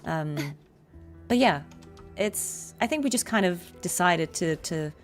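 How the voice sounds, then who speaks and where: A woman's voice: on the low side, lively intonation, soft background music. Chatty woman streamer talking about voice acting. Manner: chatty, explains voice technique with quick vocal demonstrations. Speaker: voice actress streaming a game. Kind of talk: casual livestream chat.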